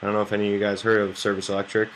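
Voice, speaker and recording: A young American man streams poker, chatting loosely and ramblingly to his viewers and swearing freely. His lowish voice is monotone and racing, with background noise in the recording.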